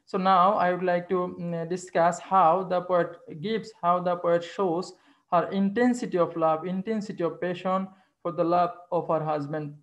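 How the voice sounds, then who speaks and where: A woman teacher explaining how to write an exam answer, halting often, restarting and repeating her phrases. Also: lowish voice, fairly even intonation. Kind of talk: exam-answer literature lesson.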